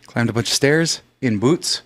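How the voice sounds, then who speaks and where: A young man hosting a podcast, rambling and joking at himself, out of breath and soft-voiced after a night of yelling. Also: mid-range voice, expressive, a little fast. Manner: rambling, self-mocking. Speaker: podcast host. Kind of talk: casual chat.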